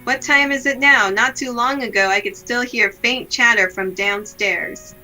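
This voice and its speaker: A woman reading aloud the lines of a gloomy, self-blaming young woman from a visual novel, in a slow, subdued, melancholy way. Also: a little high, pushed and bright, soft background music, poor audio.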